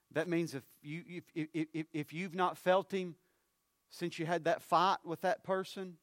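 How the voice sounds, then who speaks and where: A man, preaching a sermon. His loud, rising appeals drop to low, hushed phrases. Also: dry recording, studio quality.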